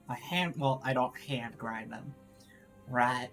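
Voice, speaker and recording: A man's voice: mid-range voice, takes it slowly, gravelly, fairly bright tone, soft background music. A man streaming live, chatting casually in a put-on East Texas accent, rambling and often laughing at himself. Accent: put-on East Texas drawl. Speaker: VTuber streamer.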